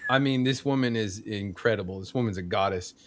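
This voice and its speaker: A man's voice: on the low side, a little fast, noisy background. A man co-hosting a casual pop culture chat, telling an anecdote with swearing and laughter. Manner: animated storyteller, swears, laughs through his story. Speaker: podcast co-host.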